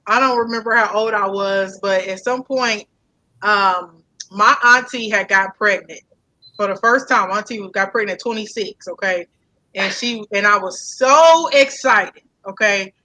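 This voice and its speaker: A young woman, telling a family story in casual chat, animated and fond of repeating herself. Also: medium pitch, rough recording. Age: young adult.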